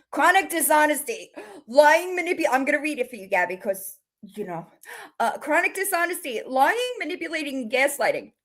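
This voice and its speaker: A woman's voice: high-pitched, a bit bright. A woman hosting a mocking reaction commentary, talking straight to the person she criticizes in a sarcastic, taunting way and reading items aloud as a list. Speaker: commentary host.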